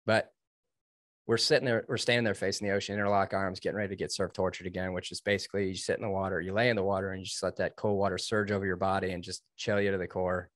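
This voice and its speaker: Earnest low-voiced man telling a story. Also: flat delivery, quick pace, fairly bright tone, no echo, studio quality. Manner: earnest, emphatic, quotes himself and others. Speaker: guest, Navy veteran. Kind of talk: storytelling interview.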